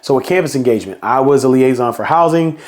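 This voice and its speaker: A middle-aged man hosts a podcast in a loose storytelling monologue. His pitch swings widely as he acts out the quotes in his story. His voice sits at an ordinary middle pitch. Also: quick pace. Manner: animated, acts out quotes with bursts of higher pitch. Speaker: podcast host.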